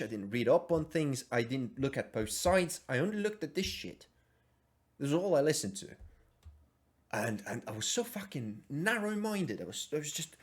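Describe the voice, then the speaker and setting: A young man reacting to a video with incredulous, profane, animated commentary. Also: on the high side, husky.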